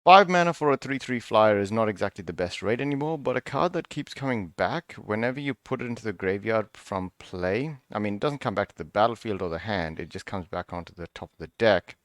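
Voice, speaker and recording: A card review channel host muses aloud in a half-sarcastic, casual way, often breaking off and starting over. His lowish, slightly bright voice is animated and fairly quick with few pauses. The studio sound is clean with no echo.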